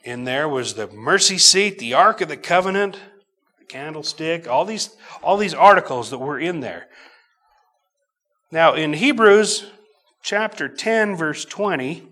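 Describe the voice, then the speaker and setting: A middle-aged man preaching a sermon, teaching from scripture slowly and emphatically, swinging between loud bursts and quiet asides. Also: a little high, lively intonation.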